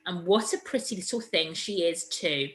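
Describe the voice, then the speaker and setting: A woman's voice: lowish voice, lively intonation, normal speed, close to an everyday voice. A woman reading as a mocking male thief. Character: male sneak thief, taunting. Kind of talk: children's story read aloud.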